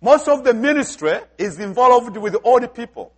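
A man's voice: extremely high pitch, animated, moderate pace. A man from Africa with an African accent, preaching a sermon emphatically and asking the congregation questions.

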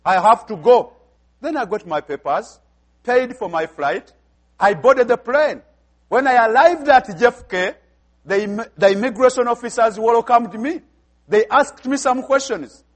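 High-voiced visiting pastor preaching emphatically. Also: male voice, animated, unhurried. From outside the United States. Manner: emphatic preaching, repeats phrases, acts out dialogue. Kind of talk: sermon.

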